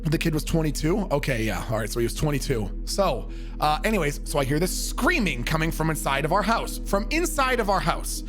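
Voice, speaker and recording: A man from Canada telling a comic story in an animated, profane way, acting out the voices in it. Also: fairly high pitch, a little fast, music in the background. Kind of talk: comedic storytelling.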